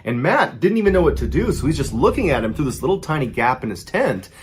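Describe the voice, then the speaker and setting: A man narrating a true scary story, dramatic, dropping to a hush and rising to excitement. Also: a little high, quick pace. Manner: dramatic, swings from hushed to excited. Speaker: storyteller host.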